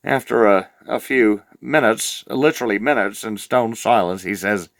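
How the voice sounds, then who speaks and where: A man's voice: on the low side, normal speed, no room sound, studio quality, lightly acted. A man voicing a crude, rambling old rural farmer from New Zealand with a Southland accent, telling a comic yarn in a meandering drawl full of "uh" fillers. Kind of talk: comic character monologue.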